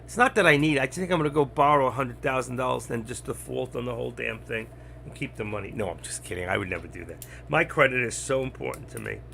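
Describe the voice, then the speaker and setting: An older man talking bluntly and rambling on a trading live stream, getting louder as he teaches. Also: medium pitch, fast, vocal fry, a little hiss or hum. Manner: blunt, rambling, gets loud when teaching. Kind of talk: casual live-stream talk.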